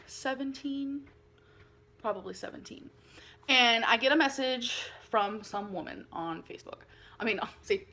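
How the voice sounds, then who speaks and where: A woman with a bright, sharp and fairly high voice talks straight to her viewers in a casual vlog. She rambles, giggles often and leans on "like" between thoughts. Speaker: vlogger. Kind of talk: casual confessional vlog talk.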